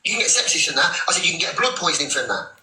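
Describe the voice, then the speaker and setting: Man defending himself, indignant, bright voice, roomy and off-mic. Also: on the high side, sing-song, racing. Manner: indignant, arguing his case. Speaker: live-stream guest. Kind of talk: heated live-stream argument. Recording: distant, echoey.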